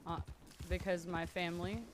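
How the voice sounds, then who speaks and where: A woman voicing a hardened female private investigator with a haunted past, pushing her voice low into the back of her throat and speaking haltingly. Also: flat delivery, a little hiss or hum, natural voice. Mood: grim. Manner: halting, groping for words mid-sentence.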